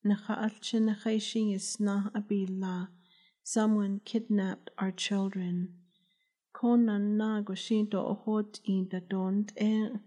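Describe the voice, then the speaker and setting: A woman reading the lines of a grief-stricken young mother, hoarse from crying and speaking in a loud whisper. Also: mid-range voice, flat delivery, slow pace. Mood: grieving.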